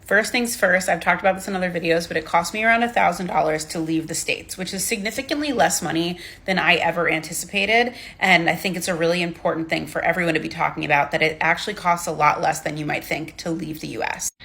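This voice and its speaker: A woman's voice: lowish voice, fast, gravelly, few pauses, pushed and bright. A woman giving a talking-head vlog, emphatic, setting out her points one by one. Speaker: expat vlogger.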